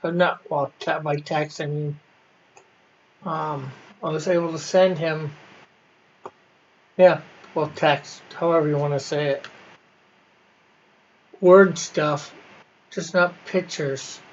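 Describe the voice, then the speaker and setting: A man with a slightly raised voice chats casually with his livestream viewers while he colors comic art. He talks haltingly, breaking off and rephrasing as he goes. The audio is dull and lo-fi, like a basic stream setup. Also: fairly high pitch, steady tone. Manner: halting, restarts and self-corrections.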